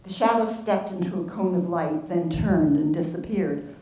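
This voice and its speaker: A woman author reading from her novel in a measured, steady way at a public reading hall. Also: fairly low pitch. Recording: roomy hall from far off.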